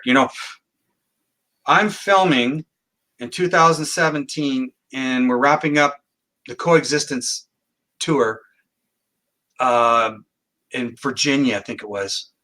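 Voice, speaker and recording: Bright-voiced man telling a story. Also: mid-range voice. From Canada. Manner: animated storyteller, acts out quoted dialogue. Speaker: guest psychic. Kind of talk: storytelling in a podcast interview.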